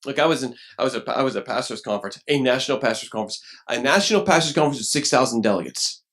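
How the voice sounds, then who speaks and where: Male pastor, animated sermon delivery, lively swinging pitch, mid-range voice. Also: very fast. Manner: animated, acts out quoted voices, rising to shouts. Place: church.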